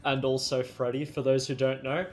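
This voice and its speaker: A man's voice: mid-range voice, flat delivery, moderate pace, faint music behind. A teenage boy co-hosting a podcast, upbeat and teasing in casual talk. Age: teens. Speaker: podcast co-host.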